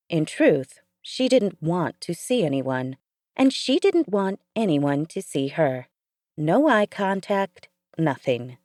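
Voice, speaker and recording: A woman narrating audiobook fiction in a measured, even manner. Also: low voice, no room sound, clean studio sound.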